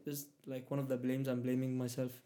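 A man's voice: medium pitch, completely flat delivery, quick pace, mellow. A young man with a Middle Eastern accent, whose first language is Arabic, talking casually with many fillers and restarts. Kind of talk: casual conversation.

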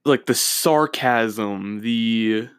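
Young man, casual podcast chat, rambling and swearing, mid-pitched voice, dry close sound. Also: very slow, clear, resonant tone, dry recording. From Minnesota. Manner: rambling, profane, self-mocking storytelling. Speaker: podcast host.

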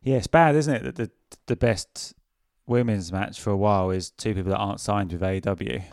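A man co-hosting a casual wrestling podcast, relaxed and a bit hesitant, often asking questions. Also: on the low side, a little fast, no room sound, clean studio sound. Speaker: podcast co-host.

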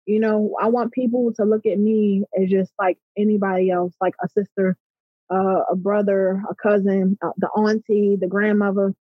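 An emphatic middle-aged woman with a Baltimore accent answers interview questions in a slightly husky voice. The sound is dry and a little muffled. She often checks in with "right?". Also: mid-range voice, little pitch movement, normal speed, dry recording. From Baltimore, USA. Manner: passionate, emphatic, repeats "right?". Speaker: interview guest. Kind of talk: conversational interview.

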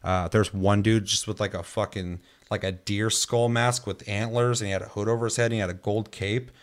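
A man with a lowish voice talks briskly in a casual chat, spinning animated game stories. He swears a lot and acts out the quotes.

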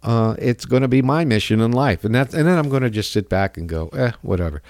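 A man's voice: medium pitch, animated, fairly quick, a little mellow, dry recording. A man hosting a radio talk show, delivering a rambling, sardonic monologue with frequent chuckles.

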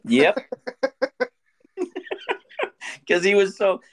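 A man's voice: high voice, lively intonation, drawn-out words. Rambling, laughing male teacher. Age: 40s. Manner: rambling storyteller, stumbles and restarts, laughs a lot. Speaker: teacher and podcast co-host. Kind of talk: casual chat.

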